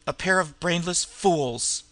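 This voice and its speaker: A man voicing a gruff, snarling male crook boss who growls and snaps in street slang. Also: a little high, takes it slowly, sharp tone, no room sound. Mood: scornful.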